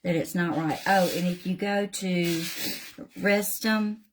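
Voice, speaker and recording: A woman's voice: lowish voice, fairly even intonation, slow pace, slight background noise. A middle-aged woman with a Southern US accent, hosting a live craft tutorial and chatting in a folksy way with viewers while she paints. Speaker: craft channel host.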